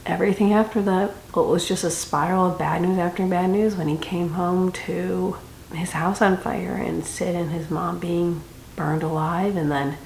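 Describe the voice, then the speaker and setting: Young woman rambling about a book she read, kinda low voice, echoey room w faint hum. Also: creaky, a little mellow. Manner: chatty, rambling, dramatic reactions. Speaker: book reviewer. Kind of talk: casual book review vlog.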